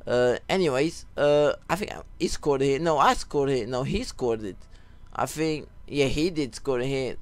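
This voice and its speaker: A young man telling a rambling story while giving casual commentary over a football video game, breaking off for excited goal calls. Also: mid-range voice, a little slow. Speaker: gaming YouTuber.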